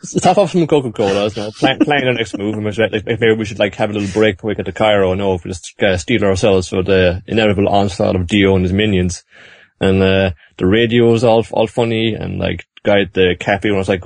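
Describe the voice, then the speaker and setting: A man's voice: lowish voice, fairly quick, dry recording. Guy on a podcast retelling an anime ep, goofy voices, lots of ums, dry mic. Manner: animated recap, putting on silly voices for characters. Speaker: podcast host recapping an anime episode. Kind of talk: casual chat.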